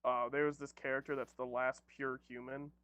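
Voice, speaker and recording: A man's voice: medium pitch, level tone, moderate pace, fairly bright tone, smooth, no echo. A man playing a tabletop game over voice chat, easygoing and jokey, laughing often. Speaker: player.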